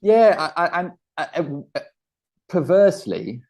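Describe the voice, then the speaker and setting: Chatty comedian telling a story. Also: male voice, high-pitched, unhurried. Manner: animated storyteller, laughs often, acts out quotes. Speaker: comedian guest. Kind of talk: casual interview chat.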